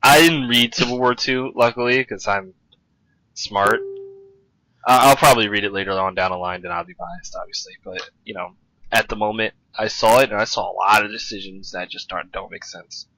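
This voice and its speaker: A man's voice: on the low side, a little fast, vocal fry, sharp tone, low-quality recording. A young man co-hosting a podcast, chatting casually about comics with many restarts and fillers. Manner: rambling, restarts a lot, chatty. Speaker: podcast co-host. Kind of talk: casual chat.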